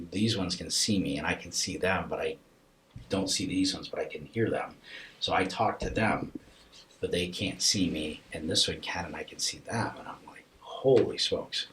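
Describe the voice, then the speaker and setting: A man on a podcast telling a personal story in a casual interview, animatedly acting out both sides of the dialogue and dropping to a soft, hushed voice at tender moments. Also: sits low. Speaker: podcast guest.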